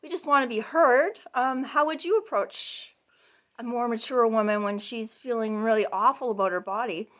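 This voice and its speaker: A middle-aged woman with a high voice talks through a class case presentation as a counseling student. Her speech is loose and chatty, full of "you know" and "um", and she often breaks into laughs. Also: moderate pace, a bit bright. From Canada.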